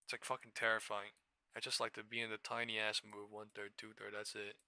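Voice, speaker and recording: A man casually commenting on stock charts during a live trading stream, excitable and profane, thinking aloud as he goes. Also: fairly low pitch, a little fast, dry recording.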